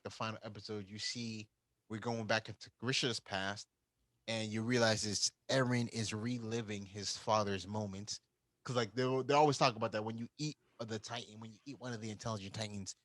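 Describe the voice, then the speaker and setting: A man's voice: fairly low pitch, a bit bright, no room sound, rough recording. A man co-hosting a podcast, casually recapping an anime plot and acting out the characters' lines. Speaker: podcast co-host.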